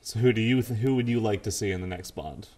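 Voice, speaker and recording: A young man chatting casually as a podcast guest, relaxed and agreeable. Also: on the low side, quick pace. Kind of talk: casual chat.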